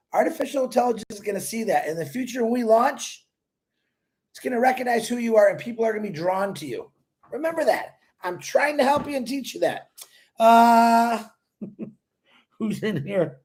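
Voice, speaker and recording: A man hosting a casual live stream, giving an excitable, rambling motivational pitch that bursts into shouts, and greeting his viewers by name. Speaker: livestream host greeting viewers.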